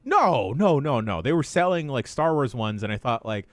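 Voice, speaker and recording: A man's voice: medium pitch, big pitch swings, moderate pace, dry recording. A man hosting a podcast in casual chat, laid-back and swearing freely as he tells anecdotes. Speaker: podcast host.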